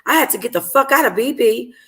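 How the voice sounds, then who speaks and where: A woman voicing a brash, foul-mouthed young woman in a read-aloud story, talking bluntly and excitedly. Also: on the high side, fast talker, slightly rough, pitched above the performer's own voice, exaggerated voice. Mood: alarmed.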